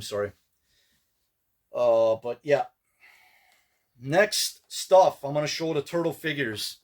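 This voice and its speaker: A man's voice: mid-range voice, slow pace, pauses often. Rambling male collector vlogger. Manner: rambling, relaxed, many fillers and restarts. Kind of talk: casual pickups vlog.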